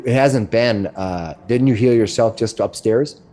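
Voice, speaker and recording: A middle-aged man narrating as game master, describing rooms in a halting way with many restarts. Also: fairly low pitch, dark tone.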